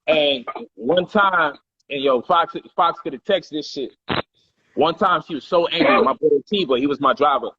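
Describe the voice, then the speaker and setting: A man casually telling a personal story on a livestream, animated and profane, loudly acting out heated quotes. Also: on the high side, normal speed, lo-fi sound, noisy background. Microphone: phone or livestream mic.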